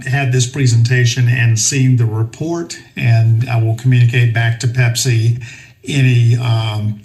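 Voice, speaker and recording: A man chairing a public commission meeting. He has a middle-pitched voice and speaks in a measured, formal and procedural way as he moves through the agenda. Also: a little mellow, poor audio.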